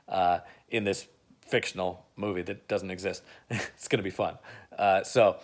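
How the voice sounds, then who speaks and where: A man casually retelling an imagined film plot in a chatty way, with lots of "uh" and "like". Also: lowish voice. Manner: chatty, with frequent "uh" and "like". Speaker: video creator.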